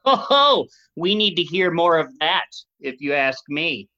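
A gushing board game buff who can't stop naming games, played by a woman. The voice is slow and drawn out yet bright and sharp, caught on a dull, lo-fi recording that blunts the edges. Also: sits low, big pitch swings, exaggerated voice. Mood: enthusiastic. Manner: enthusiastic, rambling, jumps between ideas. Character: eager male board game expert, gushing.

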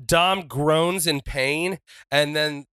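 A man playing a tabletop wrestling role-playing game, animated and often laughing. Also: on the high side, very slow, smooth, no room sound. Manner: animated, laughing, shouts in character. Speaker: player.

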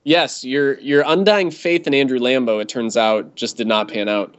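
A man's voice: mid-range voice, steady tone, moderate pace, clear, resonant tone. A man co-hosting a casual sports podcast, talking with dry sarcasm and frequent laughs. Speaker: podcast co-host. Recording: dull lo-fi sound.

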